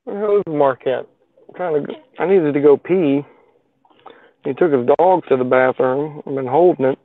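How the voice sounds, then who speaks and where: A man with a slightly high voice hosts a casual live stream show from his parked car, speaking at normal speed. He rambles loosely with plenty of fillers and plain folksy phrasing, recorded on a phone with a tinny, dry sound and no room echo.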